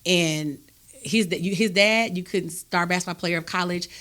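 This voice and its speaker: A woman, hosting a podcast and telling a personal story in a candid, animated, emphatic way. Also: fairly low pitch, moderate pace. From Texas, USA. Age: adult, raised a grown son. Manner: emphatic and animated, with frequent "do you understand me?". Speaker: podcast host.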